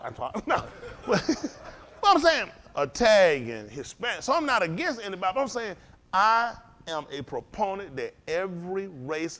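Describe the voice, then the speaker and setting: Man preaching, high voice, very animated pitch, emphatic repetition. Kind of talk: fiery sermon.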